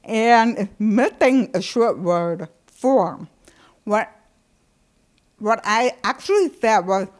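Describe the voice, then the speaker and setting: A woman from the United States giving a talk, playful and animated, slowing down to read out caption mistakes one word at a time. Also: a little high. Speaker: conference presenter. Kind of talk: presentation talk.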